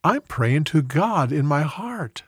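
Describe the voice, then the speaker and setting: A man's voice: fairly high pitch, big pitch swings, slow pace, slightly rough, no echo, studio quality, pitched above the performer's own voice, exaggerated voice. A man voicing a pleading, devout woman. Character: devout grieving woman praying for a son.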